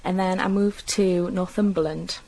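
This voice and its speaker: A woman's voice: fairly low pitch, steady tone, moderate pace, warm tone, poor audio. A young woman with a mild Geordie accent from North East England, chatting casually about her own upbringing and speech, with many fillers and self-corrections. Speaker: interviewee describing her own dialect. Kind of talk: casual personal recollection.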